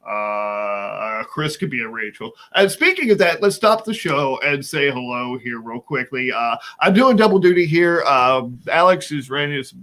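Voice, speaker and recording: A man's voice: mid-range voice, big pitch swings, moderate pace, hardly any pauses, pushed and bright. A man hosting a live stream over a video call, jokey and playful, greeting viewers by name. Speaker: host.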